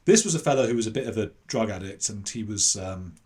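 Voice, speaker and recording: Brief: low-voiced English man from London, chatty podcast guest spinning self-deprecating anecdotes with plenty of ums. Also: fast talker. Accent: English, between posh and London. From London, England. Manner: animated anecdote-telling with self-deprecating asides and fillers. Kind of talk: casual storytelling interview.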